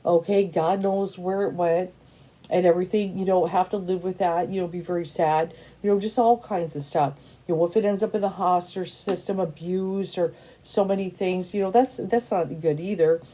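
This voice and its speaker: A woman's voice: on the low side, warm tone. A woman in her fifties, a tarot reader, talking in a blunt, casual monologue that keeps repeating itself and is full of "you know" and "and stuff". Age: 50s. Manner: emphatic, repetitive, peppered with "you know" and "and stuff".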